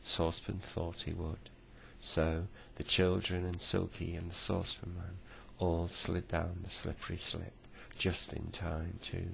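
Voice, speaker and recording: A man reading a bedtime story aloud in a slow, unhurried way, with small slips. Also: low voice, completely flat delivery, gravelly, fairly bright tone, a little hiss or hum.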